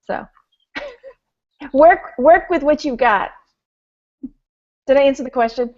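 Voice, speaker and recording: American female guest, fairly high voice, chatty, muffled lo-fi sound. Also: animated, slow pace. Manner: laughs often, chatty and easygoing. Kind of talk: casual chat. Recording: dull lo-fi audio.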